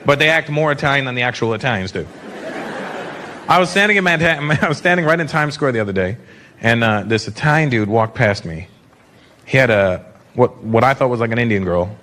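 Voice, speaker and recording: A man from Canada performing a stand-up comedy set on a club stage, talking to the audience and breaking into loud shouted bits as he acts out characters. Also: mid-range voice, expressive, a little fast. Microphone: handheld stage mic. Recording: live club recording with crowd noise.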